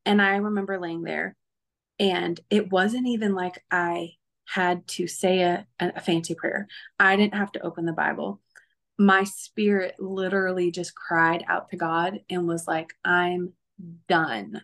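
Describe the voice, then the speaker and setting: A woman's voice: on the low side, flat delivery, a little slow, fairly bright tone. A woman guest recounting her testimony in an interview, earnest and emotional, with many fillers.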